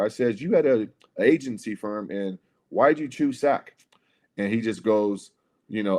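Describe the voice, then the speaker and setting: Telling a meandering story on a laid-back livestream, this male co-host swears a lot and keeps tossing in "bro" and "right?" while addressing the listener. His voice is fairly low and mellow, at a moderate pace.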